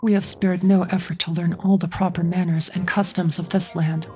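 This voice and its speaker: A woman's voice: lowish voice, level tone, moderate pace, mellow, soft background music, lightly acted. A woman reads a loyal male commander in a fantasy game, earnest and stung in his pride. The voice stays close to her own.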